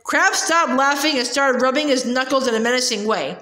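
A woman's voice: sits high, brisk, bright, forceful tone. A woman reading a novel aloud in an unpolished way, with slips and restarts. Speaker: reader. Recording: roomy echo.

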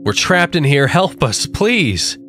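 A man voicing a frantic young man shouting for help in a creepypasta story reading. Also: fairly high pitch, big pitch swings, slow pace, faint music behind, voice pushed up, exaggerated voice. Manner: shouting commands in terror. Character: young man trapped in a maze, frantic and panicky.

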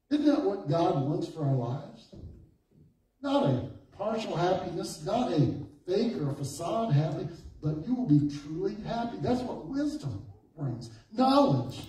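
A man preaching a sermon as pastor, slow and emphatic at times, then dropping into a quiet, storytelling voice. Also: high-pitched, big pitch swings. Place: church sanctuary. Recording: echoey church hall from far off.

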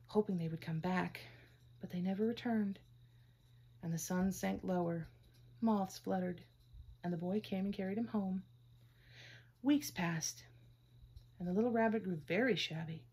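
Woman reading a kids story, gentle, calm, breathy. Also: medium pitch. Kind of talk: children's story read-aloud.

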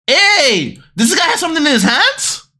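Woman, reaction host, excitable and loud, swears a lot, fairly high voice with huge swings in pitch. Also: normal speed. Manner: excitable, loud, repeats phrases, swears often. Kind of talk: casual video reaction commentary.

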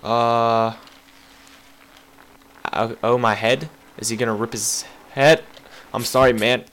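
A young man commentating on a game he plays, excitable, yelping and apologizing to the characters. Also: mid-range voice, slow pace. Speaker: gameplay commentator. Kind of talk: casual gaming commentary.

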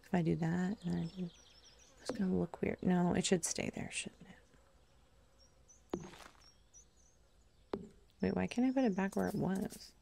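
A woman hosting a let's play, giving casual gameplay commentary. She is excitable, exclaims and thinks aloud as she plays, and talks straight to her viewers. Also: on the low side, measured pace, gravelly, long pauses, slight background noise.

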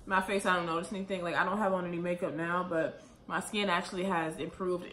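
A young pregnant woman talking to camera in a casual vlog, a little out of breath and rambling quickly with lots of fillers. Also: fairly low pitch, fairly even intonation, a bit bright. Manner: chatty, rambling, fast with many fillers. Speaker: vlogger. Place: room at home, late at night. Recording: echoey room with faint ambient noise.

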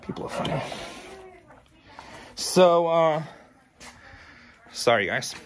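A man's voice: a little high, lively intonation, slow, a little hiss or hum. A tired man who runs a thrift store, talking casually to his viewers with rambling, frank advice. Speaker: thrift store owner and vlogger. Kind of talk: casual talk to camera.

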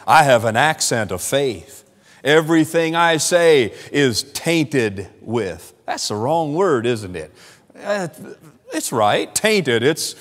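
Southern male pastor, fairly high voice, lively sermon, long church reverb. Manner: animated preaching, rising and falling in volume, laughing asides. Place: church sanctuary.

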